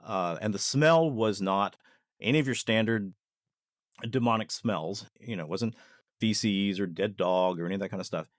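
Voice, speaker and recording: A man, a podcast guest and former ER nurse, telling a paranormal experience in an earnest, deliberate way that takes its time. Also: on the low side, dry recording, clean studio sound.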